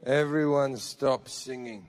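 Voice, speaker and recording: A man with an Australian accent performing a profane stand-up comedy set on a theater stage, acting out characters with shouting. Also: mid-range voice, steady tone, slow pace. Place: large theater stage with a live audience. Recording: live hall recording with audience.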